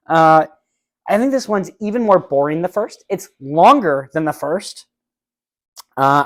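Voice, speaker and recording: A man hosting his own solo movie review podcast, speaking bluntly and rambling in an exasperated way straight to his listeners, into his own microphone at home. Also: sits high. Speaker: podcast host. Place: room at home with a fan.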